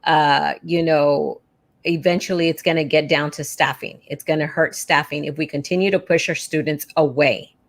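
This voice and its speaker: A woman's voice: low voice, steady tone, normal speed. A woman leading an educators' association, talking earnestly and reassuringly in a casual live chat. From South Texas.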